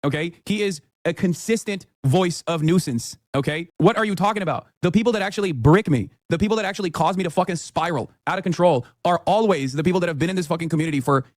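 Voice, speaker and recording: A man's voice: sits high, quick pace, hardly any pauses, no room sound, studio quality. A man livestreaming, ranting heatedly at his chat and swearing constantly.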